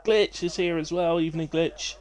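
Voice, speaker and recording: A man's voice: on the high side, steady tone, moderate pace, darkish tone, smooth. Rambling streamer man. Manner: rambling and self-deprecating, with many fillers and restarts. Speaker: live-stream host of a racing league. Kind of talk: casual live-stream commentary.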